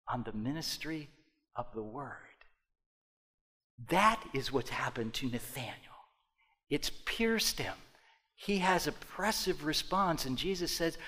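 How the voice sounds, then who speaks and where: A pastor preaching a sermon in an unhurried, deliberate way, his voice sitting a little high for a man. He talks straight to his congregation, checking in with them, and moves between hushed, quiet asides and loud, emphatic passages. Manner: addresses congregation directly with repeated "okay?".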